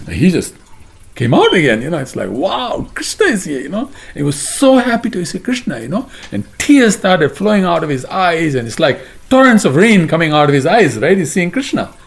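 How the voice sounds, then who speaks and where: A man's voice: fairly high pitch, big pitch swings, a little fast, creaky. A man teaching a devotional scripture class, retelling the story in a chatty way and often asking "right?". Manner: chatty, keeps asking "right?" and "you know what I mean?".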